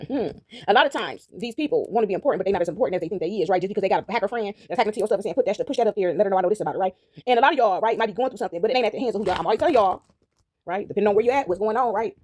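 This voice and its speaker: A woman's voice: mid-range voice, animated, rapid-fire, darkish tone. A woman in casual vlog chat while working dough, rambling and checking in with "right?" after nearly every phrase. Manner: rambling, repeats "right?" often. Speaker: vlogger. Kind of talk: casual talk while baking.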